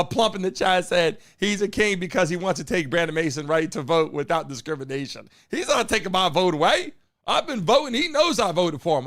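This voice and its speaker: A man hosting a live streamed talk show, brash and profane, a little hoarse as he talks to his chat. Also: high-pitched, a bit bright. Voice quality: a bit hoarse, froggy. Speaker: host of a live call-in show.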